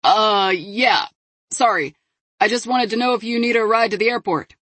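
A woman's voice: on the high side, normal speed, a bit bright, dry recording, voice pushed up. A woman voicing an awkward adult man agent in an audiobook, hesitant and muttering.

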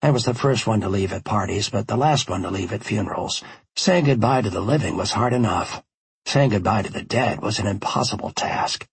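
Male audiobook narrator, wry first-person storyteller, gravelly, studio-dry. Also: on the low side, fairly quick, no room sound. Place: recording studio. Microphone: studio microphone.

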